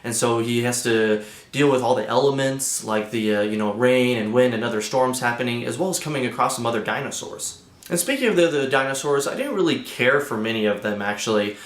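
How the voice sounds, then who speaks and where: A man's voice: mid-range voice, a little fast, reverberant. A young man hosting a casual movie review, chatty and loose with lots of fillers.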